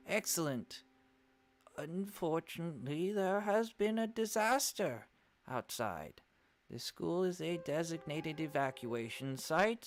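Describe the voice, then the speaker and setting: A man's voice: sits high, pitched above the performer's own voice. A man voicing a pompous older bird headmaster making formal announcements in a game.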